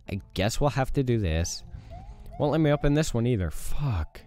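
A young man giving casual let's play commentary, reacting loudly to the game, groaning and swearing. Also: medium pitch, expressive, normal speed, soft background music. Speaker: gaming YouTuber.

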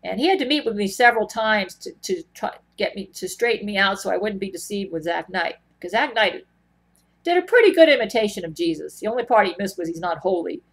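A woman's voice: medium pitch, lively intonation, fairly quick, husky. Earnest woman rambling to camera. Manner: earnest, meandering, with frequent restarts. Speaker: vlogger. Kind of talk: rambling personal monologue to camera.

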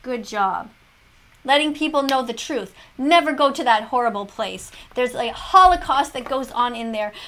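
A female teacher reacts to a video in mock-classroom fashion, lecturing, moralizing, and handing out check-mark grades. Her high-pitched voice is a bit bright with lively intonation and a moderate pace. A little hiss or hum sits in the background.

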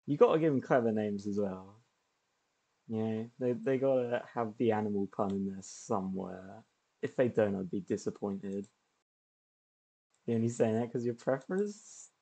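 A man's voice: lowish voice, moderate pace, dark tone. A man streaming a video game, chatting casually and laughing often as he plays. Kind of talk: casual gameplay commentary.

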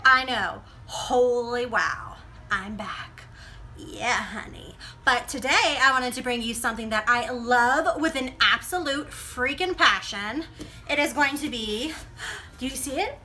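Sassy chatty young woman, bright voice. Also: high voice, slight background noise. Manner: chatty, sassy, calls viewers honey and girl; fast-talking motor mouth. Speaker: beauty vlogger. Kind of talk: casual product review vlog. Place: home room with poor lighting.

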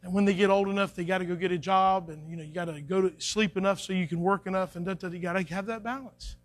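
A man's voice: high voice, fairly even intonation, quick pace. A man preaching a sermon to his congregation in a folksy, conversational way, acting out little quotes. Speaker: pastor. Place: church sanctuary. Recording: faint music behind, church live stream.

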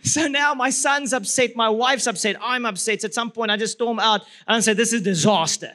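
Lively South African man, bright tone, church speaker telling a story. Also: very high voice, moderate pace. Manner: lively, laughs through his story. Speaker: marriage seminar speaker.

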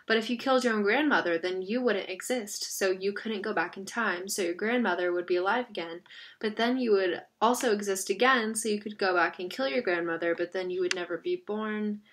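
A woman narrating a novel aloud in an expressive, steady reading style. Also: mid-range voice, a little fast. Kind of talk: audiobook reading.

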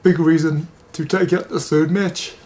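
A man, a former rugby league player telling an emotional story in an interview and getting lively when he quotes others. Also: a little high, unhurried. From New Zealand.

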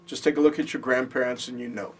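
A man talks fast in a steady, mid-range voice while teaching a Bible college lecture, patiently explaining and checking in with students. The classroom recording is distant, with slight background noise.

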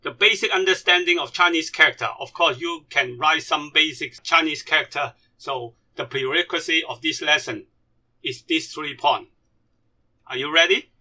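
A man whose first language is Cantonese, teaching a slide-based lesson in non-native English and slowly drilling syllables one by one. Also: on the high side, sharp tone.

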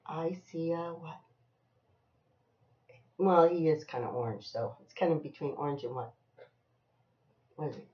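A woman reading a picture book aloud to a young child, slow and sing-song, with coaxing questions. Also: low voice, echoey room. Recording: dull lo-fi home recording.

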